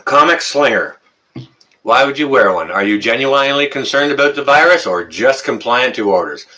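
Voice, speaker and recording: Chatty Canadian man, bright tone. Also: medium pitch, animated, normal speed, rough recording. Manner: chatty, rambling, many uh fillers. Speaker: live stream host. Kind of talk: casual live stream chat reading comments.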